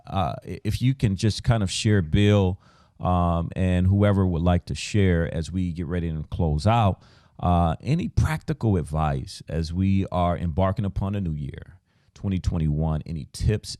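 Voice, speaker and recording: A man's voice: sits low, darkish tone, no room sound, clean studio sound. A man hosting a podcast interview, speaking emphatically. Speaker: podcast host.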